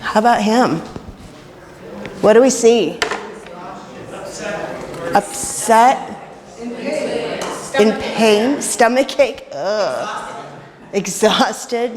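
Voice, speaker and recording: A woman minister leading an interactive sermon, chatty and playful with quick jokes, in a church. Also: fairly high pitch, darkish tone. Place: church sanctuary. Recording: reverberant church hall.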